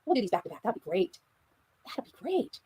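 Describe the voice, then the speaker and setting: A woman's voice: medium pitch, very animated, brisk, dark tone, slightly rough. A woman live-streaming in a rambling, taunting way and often repeating herself. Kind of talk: rambling livestream talk.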